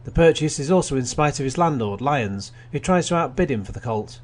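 A man's voice: mid-range voice, expressive, fairly quick, hardly any pauses. A man hosting a radio film show, reading plot summaries with wry asides and frequent restarts. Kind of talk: casual radio film review.

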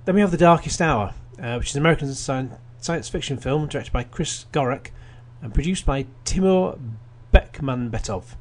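A man's voice: fairly high pitch, lively intonation, normal speed, hardly any pauses, darkish tone. A man hosting a radio film show, reading plot summaries with wry asides and frequent restarts. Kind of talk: casual radio film review.

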